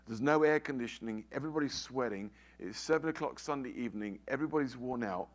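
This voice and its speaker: A man's voice: mid-range voice, fast. A middle-aged man preaching a sermon, telling a family story with emphatic, repeated phrases.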